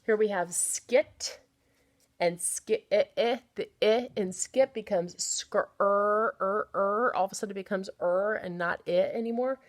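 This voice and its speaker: A woman teaching a phonics lesson to young children, sounding out words slowly and chatting playfully between them. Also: medium pitch, darkish tone. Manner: slow, drawn-out sounding of words. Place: home, at a small easel.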